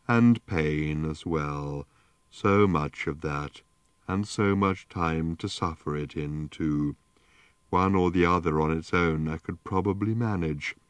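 A man voicing an ancient, rusted, gloomy male robot in an audiobook, with a slow, mournful, self-pitying drone. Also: rumbling low, smooth, dry recording. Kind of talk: audiobook character voice.

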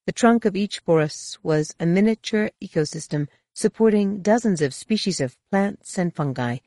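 Low-voiced woman narrating an audiobook. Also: darkish tone, no echo, clean studio sound. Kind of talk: scripted narration.

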